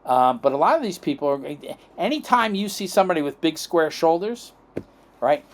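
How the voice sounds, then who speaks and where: A man's voice: on the high side, animated, normal speed. A middle-aged man from the United States telling long, rambling stories as a podcast guest, acting out quoted dialogue and checking in with "okay?" and "right?". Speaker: chiropractic guest. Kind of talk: rambling anecdotal storytelling.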